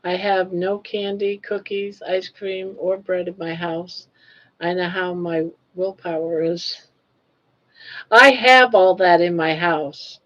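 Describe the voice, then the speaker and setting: Older woman, slow casual chatter, teasing and laughing, muffled stream audio. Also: fairly even intonation, a bit bright. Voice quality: froggy, low-pitched singing voice by her own account. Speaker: livestream host. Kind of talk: casual live-stream chat.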